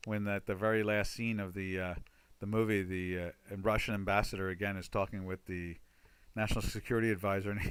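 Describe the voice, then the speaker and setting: Low-voiced man talking markets. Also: fairly even intonation, fairly quick, a bit bright, clean tone, no room sound. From United States. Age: older. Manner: rambling, many fillers and restarts. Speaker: trading webinar host. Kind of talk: casual market commentary over charts.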